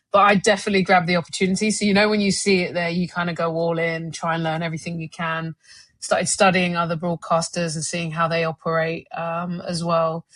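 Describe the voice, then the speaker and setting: A woman's voice: fairly low pitch, no echo. A woman with a South London accent, a guest on a podcast, telling stories casually, laughing easily and slipping into voices. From South London, England. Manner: lively storyteller, laughs easily, does voices in anecdotes. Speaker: guest, former cricketer and broadcaster.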